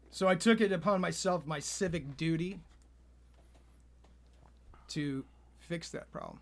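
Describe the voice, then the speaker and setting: A man co-hosting a podcast, telling an absurd story in a deadpan, straight-faced way. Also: a little high, unhurried, pauses often. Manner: deadpan, spins absurd tall tales with a straight face. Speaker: podcast co-host.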